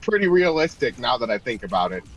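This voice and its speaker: A man's voice: medium pitch, big pitch swings, fast talker, a crowd in the background, low-quality recording. A man co-hosting a podcast, chiming in with laid-back, wry asides in casual chat. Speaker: podcast co-host.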